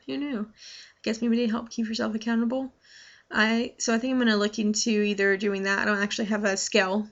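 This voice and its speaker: This vlogger, a young woman, speaks at a medium pitch with a slightly bright tone. She talks casually to her viewers, rambling and full of fillers and restarts, and the audio is dull and lo-fi.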